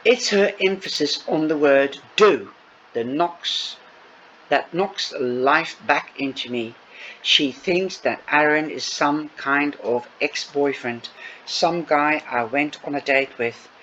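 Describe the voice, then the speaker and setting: A man with a fairly high voice reads a novel slowly and deliberately, stopping now and then for chatty asides to his listeners. The recording is dull and lo-fi, with a faint hiss behind it. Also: fairly bright tone. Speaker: reader. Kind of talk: audiobook reading with asides.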